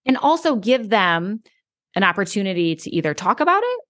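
A woman's voice: medium pitch, big pitch swings, a little fast, a bit bright, no room sound, clean studio sound. A woman hairstylist co-hosting a casual chat, agreeable and emphatic. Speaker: podcast co-host, hairstylist.

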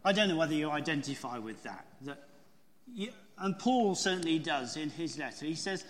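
Lively preacher in an echoey hall. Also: male voice, fairly high pitch, normal speed. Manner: storytelling, asks the congregation rhetorical questions. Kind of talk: sermon.

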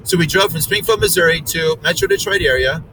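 A man's voice: fairly high pitch, fairly quick, distant mic, noisy background. A middle-aged man telling a long story in casual chat, rambling with fillers and restarts.

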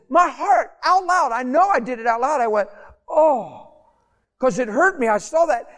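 High-voiced impassioned male preacher. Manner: impassioned, swings from loud animated storytelling to hushed intimate tones. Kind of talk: sermon with storytelling.

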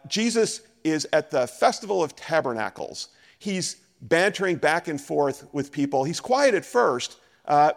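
A man preaching a sermon as a pastor, animated and acting out scripture dialogue. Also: high-pitched, creaky, in a large hall.

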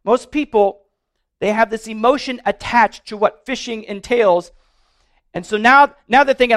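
A pastor with a notably high voice preaches to his congregation. He talks earnestly but loosely, trips over and repeats words as he goes, and slips in playful humor. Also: normal speed, fairly bright tone. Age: adult, married. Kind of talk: sermon.

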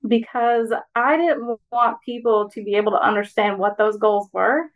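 A woman speaks in an earnest, steady way as a podcast guest. Her voice sits a touch high, and her tone stays encouraging. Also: normal speed, rough recording. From Alabama, US. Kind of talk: personal reflection in conversation.

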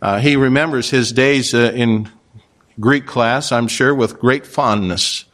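A man preaching an expository sermon, measured and emphatic, with occasional dry asides. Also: mid-range voice, fairly bright tone. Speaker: pastor.

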